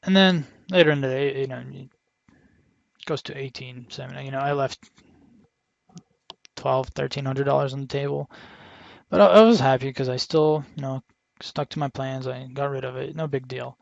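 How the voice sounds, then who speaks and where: Rambling man with a gravelly voice. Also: mid-range voice, normal speed, no room sound, dull audio. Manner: rambling, frequent restarts and self-quotes. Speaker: day trader vlogger. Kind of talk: casual screen-share commentary.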